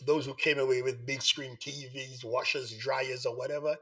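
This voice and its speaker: A man hosting a live online talk show, hoarse from the flu, repeatedly coaxing viewers to join in. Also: mid-range voice, steady tone, normal speed, sharp tone. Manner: repetitive, coaxing appeals to viewers. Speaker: host.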